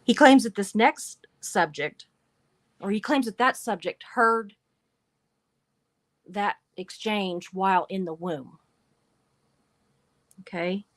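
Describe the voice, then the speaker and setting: A woman's voice: medium pitch, slow, long pauses, no echo. A woman hosting a livestream, reading passages aloud and adding wry asides between them. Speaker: livestream show host.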